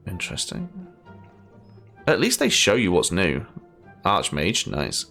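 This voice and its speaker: A man's voice: low voice, gravelly, bright, forceful tone. A Scottish man giving casual, chatty commentary as he plays a game, laughing often and thinking aloud. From Scotland. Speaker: gaming streamer.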